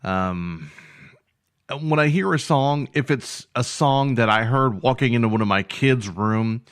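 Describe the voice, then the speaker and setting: A man's voice: medium pitch, measured pace, smooth. A man hosting a music review show, chatting casually and rambling with self-deprecating jokes, having just woken up. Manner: rambling, self-deprecating, full of fillers and repeats.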